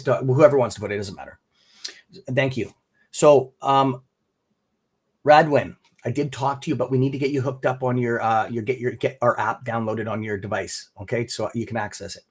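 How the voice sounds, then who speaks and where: A man with a Canadian accent hosting a casual live stream and talking to viewers, rambling and friendly, calling them brother and bud. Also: medium pitch. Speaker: stock trading stream host.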